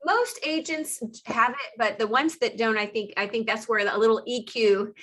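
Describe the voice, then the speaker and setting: Upbeat lady host, bright clear voice, keeps saying she loves it. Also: a little high, moderate pace. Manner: enthusiastic, repeats "I love that". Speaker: host of weekly live interview show. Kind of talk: casual interview chat.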